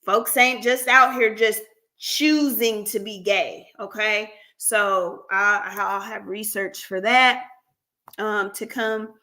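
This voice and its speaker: Bright-voiced woman hosting a casual livestream. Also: mid-range voice, steady tone, slow. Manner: chatty, laughs often, talks to viewers by name. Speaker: counseling practice host. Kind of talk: casual livestream chat with viewers.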